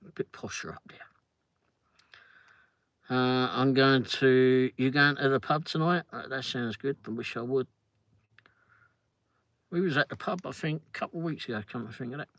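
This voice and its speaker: A man's voice: medium pitch, moderate pace, gravelly, a bit bright, no echo. A middle-aged man from London with a London English accent, rambling and joking as he chats with viewers on a livestream. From London, England. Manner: chatty, rambling, jokey, answers chat comments. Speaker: livestream host. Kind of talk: casual livestream chat.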